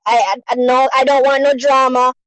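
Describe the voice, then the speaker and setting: High-voiced woman telling her story. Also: steady tone, moderate pace, fairly bright tone, dry recording, poor audio. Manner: earnest, repetitive, peppered with "you know". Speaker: guest sharing a personal story. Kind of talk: emotional personal storytelling.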